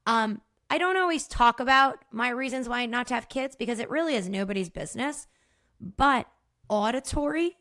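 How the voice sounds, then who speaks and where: Solo podcast host, a woman; lively and emphatic, slightly high voice, talks straight to the listener. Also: no room sound, studio quality. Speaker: podcast host, movement practitioner. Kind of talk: solo educational podcast talk.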